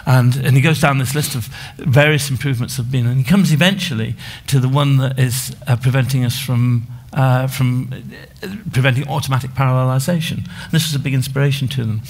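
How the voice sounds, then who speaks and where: A man's voice: medium pitch, steady tone, brisk, few pauses. A man giving a conference talk as a book author, explaining with many restarts and fillers.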